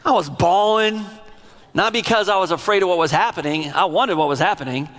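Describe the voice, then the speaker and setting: A middle-aged male pastor delivers his sermon in a somewhat high-pitched voice. He speaks with open emotion and animation, acting out little scenes. The sound rings with the long reverb of a large church sanctuary. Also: brisk, fairly bright tone, a faint crowd.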